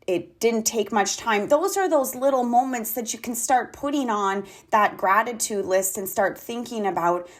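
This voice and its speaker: A woman with a mid-pitched voice leads a reflective talk on gratitude. She speaks calmly and deliberately and spells out key words letter by letter. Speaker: artist and practice guide.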